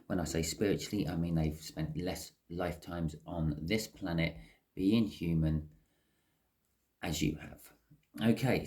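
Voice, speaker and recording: Chatty male tarot reader, lower-pitched, conversational, checks in with the viewer. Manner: chatty, lively rises in pitch, frequent "okay?" check-ins. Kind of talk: casual tarot reading to camera.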